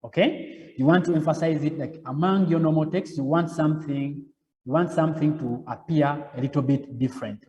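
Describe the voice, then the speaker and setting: A man's voice: fairly high pitch, darkish tone. Repetitive man lecturing in a hall. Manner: repetitive, step-by-step, frequent "okay?" checks. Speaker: web design lecturer. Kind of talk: live coding lecture.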